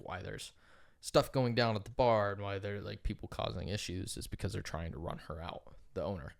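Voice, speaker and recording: Rambling low-voiced podcast guy. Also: gravelly. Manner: rambling storyteller, heavy "like" fillers, casual swearing. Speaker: podcast co-host. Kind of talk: casual chat.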